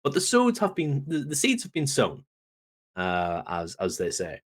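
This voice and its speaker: With a medium-pitched voice and a measured pace, a lively podcast co-host walks through a wrestling recap. He tells it like a story, acting out people's lines along the way.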